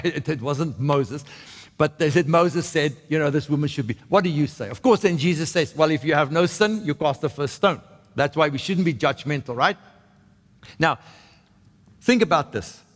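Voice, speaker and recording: In a large hall, a pastor with a slightly high voice preaches conversationally. He often checks in with "right?" and restarts his sentences.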